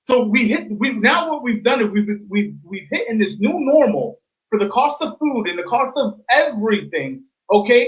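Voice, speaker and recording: Guy with a really high voice arguing hard on a panel, loud and cussing. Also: low-quality recording. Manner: loud, emphatic, swears. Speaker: panel guest. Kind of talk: heated panel debate.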